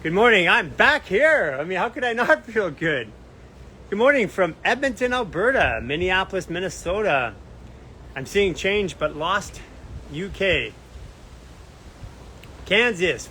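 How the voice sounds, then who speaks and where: Outdoors near a beach, a Canadian man hosts an upbeat, casual live stream, reading viewer comments and the places they're watching from. His voice sits high, bright and forceful, and the rough recording has a little hiss or hum.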